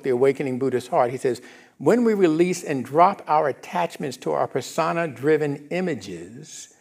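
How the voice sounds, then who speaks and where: A middle-aged male minister giving a conversational sermon in a church, often asking the congregation if they follow. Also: mid-range voice. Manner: casual, animated, asks the congregation if they follow. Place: church sanctuary.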